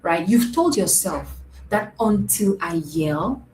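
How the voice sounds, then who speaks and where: A woman with a fairly low, darkish voice takes her time yet sounds animated while coaching parents on a live stream. She is earnest, repeats herself, and asks "right?" often. Her room is echoey, with a little background noise.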